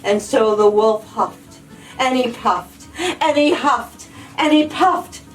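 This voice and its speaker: Librarian lady reading a kids story aloud, sing-song and slow, mic far away. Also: fairly high pitch, soft background music. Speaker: children's librarian. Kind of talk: storybook read-aloud for children.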